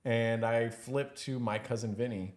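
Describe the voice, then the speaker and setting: A young man from California, a comedian guest on a podcast, chatting loosely and playfully. His voice sits at a middle pitch and he keeps things light. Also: fairly even intonation, measured pace. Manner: playful, slips into put-on accents. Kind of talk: casual chat.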